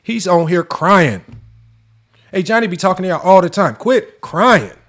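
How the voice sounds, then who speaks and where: A man's voice: high-pitched, moderate pace. A man hosting a sports debate show, ranting in an exasperated, mocking way and firing off rhetorical questions. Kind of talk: heated commentary rant.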